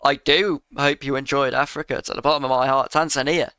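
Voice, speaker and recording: Bright, crisp-voiced sarcastic man. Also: medium pitch, fairly even intonation, fast, dry recording. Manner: sarcastic, exasperated, swearing. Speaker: video creator. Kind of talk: reaction rant.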